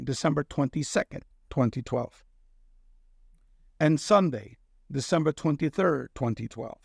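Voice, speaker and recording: Here a middle-aged Cuban guest recounts something from his own life in an easygoing chat, pausing often to ask "okay?" with sincere earnestness. His voice is on the high side, creaky and a little mellow, heard in a dry, studio-quality recording.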